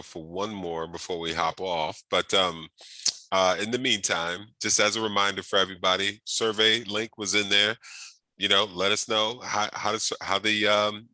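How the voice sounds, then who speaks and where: On a video call, a man hosts an online workshop in an upbeat, chatty manner, often using fillers and restarting sentences as he introduces the speaker series. His voice is low-pitched, bright and forceful, with no room sound.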